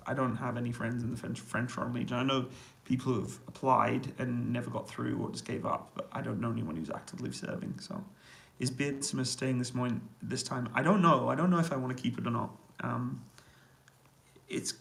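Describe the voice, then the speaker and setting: A man with a noticeably gravelly, fry-tinged voice chats casually with his viewers during a live stream. He reads their comments aloud and answers in a relaxed, easygoing way, laughing often, from a small indoor room in army accommodation. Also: mid-range voice, normal speed, low-quality recording. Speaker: YouTuber answering live chat.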